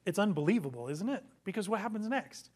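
A man's voice: high voice, animated, quick pace, a little mellow. A man preaching a sermon, telling a parable with rhetorical questions and acted-out quotes. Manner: dramatic storytelling, acting out quotes, rhetorical questions. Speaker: pastor.

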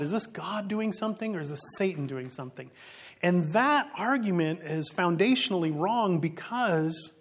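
A man delivers a sermon in a rather high, husky voice. He preaches earnestly but conversationally, posing rhetorical questions to the congregation and chuckling between points. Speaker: pastor.

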